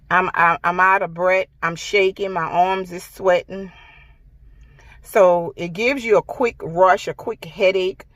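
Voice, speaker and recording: A middle-aged woman hosting her own channel, chatting emphatically and directly to her viewers in a casual vlog. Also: lowish voice. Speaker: home decorating channel host.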